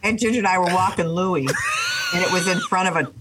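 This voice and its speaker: An older woman, a mother co-hosting a casual family chat, telling stories in an animated way and laughing often. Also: mid-range voice, fairly quick, background noise. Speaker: podcast co-host, mother.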